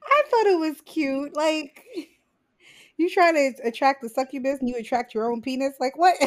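A woman's voice: high voice, moderate pace. A woman co-hosting a podcast, telling a TV episode's plot in a playful, frank way and laughing often. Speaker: podcast co-host. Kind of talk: casual TV episode recap.

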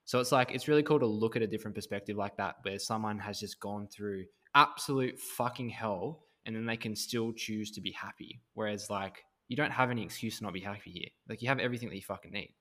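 A man's voice: fairly low pitch, fast, few pauses, a bit bright. A man hosting a podcast, reflective and rambling, swearing casually as he talks. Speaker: podcast host, coach.

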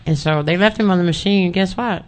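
A woman's voice: on the low side, fast. A woman guest telling a plain, folksy story in a casual chat.

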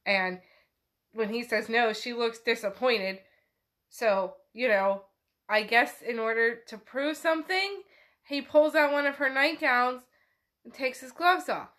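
A woman's voice: on the high side, a little slow, fairly bright tone. Chatty woman recapping a novel. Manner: chatty, swears, "he's like" retelling. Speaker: podcast host. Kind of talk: casual book recap and reading.

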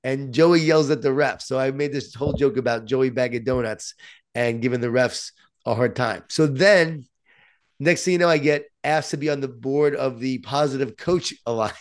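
A man from Long Island with a New York accent, an author telling stories as a guest, animated and self-deprecating. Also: mid-range voice, normal speed. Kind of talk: storytelling in conversation.

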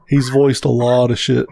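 A man's voice: medium pitch, gravelly, dark tone, no echo. A man co-hosting a podcast in casual chat, blunt and emphatic, swearing freely. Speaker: podcast co-host.

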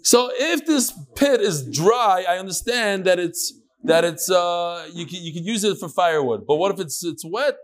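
A man with a somewhat high voice leads an informal Talmud class. He talks in a chatty, loose way and drops joking asides. He mixes Hebrew and Yiddish terms into his English. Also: expressive, moderate pace. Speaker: Talmud teacher. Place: room with a small class.

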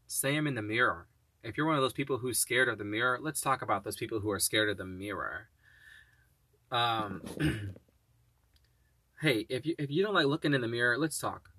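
Encouraging man with a bright, dry voice. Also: mid-range voice, breathy edge, no echo. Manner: encouraging, upbeat, slow and deliberate on affirmations. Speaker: podcast host. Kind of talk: casual solo podcast talk with spoken affirmations.

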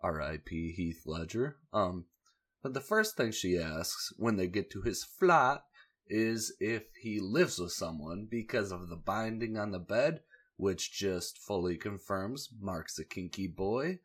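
Deep-voiced sarcastic man recapping a show. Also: expressive, measured pace, breathy edge. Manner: sarcastic, profane, offhand asides. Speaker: video host recapping a show. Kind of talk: casual joking recap.

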